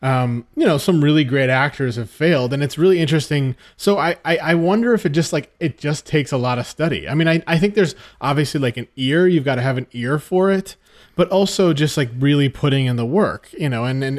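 A man's voice: a little high, brisk. Rambling man chatting about films. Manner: rambling, hesitant, filler-heavy. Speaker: podcast co-host. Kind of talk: casual film discussion.

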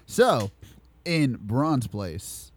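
A man hosting a casual podcast, swearing, laughing often and slowing down to announce award results. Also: mid-range voice, very animated, slightly rough. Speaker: podcast host.

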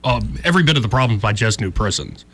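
A man's voice: fairly low pitch, fast. A man hosting casual political talk, chatty with frequent restarts. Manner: chatty, animated, some verbal restarts. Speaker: talk radio host.

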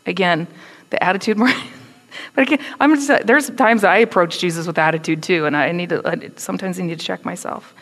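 A woman giving a conversational, animated sermon, acting out quotes with attitude. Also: on the low side, a little fast, long reverb tail. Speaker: preacher.

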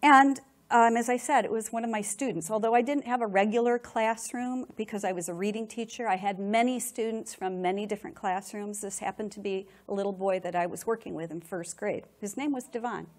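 In front of an audience, a middle-aged woman tells her personal testimony with animated emotion, often repeating words when stirred. She speaks at a medium pitch, fairly quickly, with few pauses.

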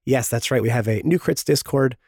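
A man's voice: medium pitch, fairly quick, darkish tone, husky, no room sound, clean studio sound. A sick man with a sore throat. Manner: self-pitying jokey asides. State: sore, strained throat from illness. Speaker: podcast host. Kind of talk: sponsor-style promo read.

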